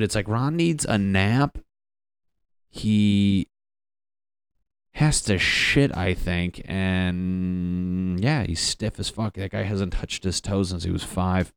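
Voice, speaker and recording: A man's voice: deep voice, measured pace, smooth, no room sound, clean studio sound. A young man doing a stand-up comedy bit, rambling and profane, acting out quotes as he goes.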